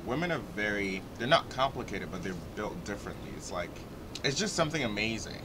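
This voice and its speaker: A man's voice: fairly low pitch, big pitch swings, fairly quick, noisy background. A man co-hosting a casual talk show, giving blunt, outspoken opinions. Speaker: co-host, stylist. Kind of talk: casual chat.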